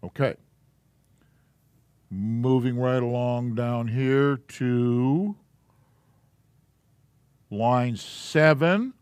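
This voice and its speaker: Slow, clear-voiced man teaching a class. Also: mid-range voice, darkish tone, no room sound. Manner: slow, patient, walking through letters step by step. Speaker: Hebrew alphabet teacher. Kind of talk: live classroom lesson. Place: church classroom with a live class.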